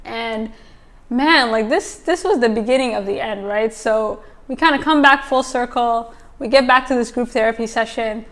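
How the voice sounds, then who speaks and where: A woman hosts a casual TV episode review, speaking in a slightly high voice. She talks in a loose, chatty way, full of fillers and quick asides. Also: a bit bright. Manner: chatty, filler-heavy, exclaims. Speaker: TV recap host.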